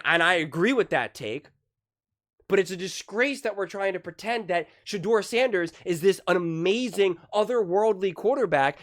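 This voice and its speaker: A sports commentary channel host giving heated, opinionated commentary, stressing points by repeating key phrases. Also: medium pitch.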